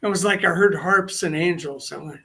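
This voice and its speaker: A man's voice: high voice, normal speed, gravelly, pushed and bright, breathy edge. An older man telling long anecdotes as an interview guest, rambling and restarting his sentences. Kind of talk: casual storytelling interview.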